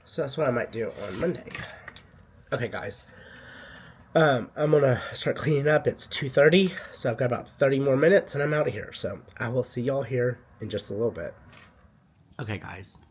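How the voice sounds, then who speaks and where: A man's voice: mid-range voice, moderate pace, breathy edge. Chatty man with a cough. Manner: chatty, sassy storytelling. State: coughing, under the weather. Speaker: vlogger and boutique owner. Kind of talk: casual vlog chat.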